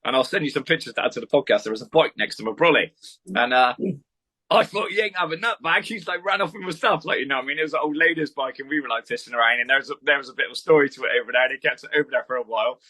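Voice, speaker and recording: A man's voice: mid-range voice, rapid-fire, pushed and bright. A man, a podcast guest, rambling through a story in casual chat and swearing freely.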